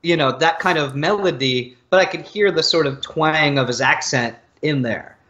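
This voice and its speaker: Bright-voiced American man, lo-fi sound. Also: a little high, moderate pace. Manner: easygoing, repeats words as he starts. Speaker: co-host. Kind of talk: casual chat about music.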